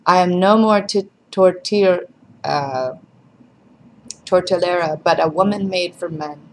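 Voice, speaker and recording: A woman reading aloud, voicing a hot-tempered, jealous big older peasant woman in a blunt, forceful way. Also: fairly low pitch, unhurried, low-quality recording. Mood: earnest.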